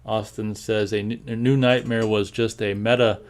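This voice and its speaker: An American man hosts a casual live show, answering chat comments in a low-pitched voice. He rambles along with plenty of fillers, restarts and repeated words. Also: level tone, moderate pace. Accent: General American.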